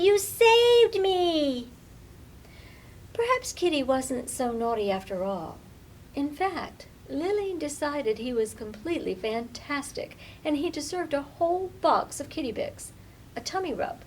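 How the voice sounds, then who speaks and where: A woman librarian reading a picture book aloud to children, expressive and with dramatic pauses. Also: sits high, slight background noise, poor audio. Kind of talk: storybook read-aloud.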